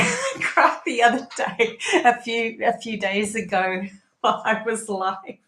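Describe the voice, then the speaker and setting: A woman's voice: a little high, sing-song, measured pace, fairly bright tone, reverberant. Chatty emotional woman reading tarot live. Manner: chatty and emotional, laughs often, many fillers. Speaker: tarot reader and channeler.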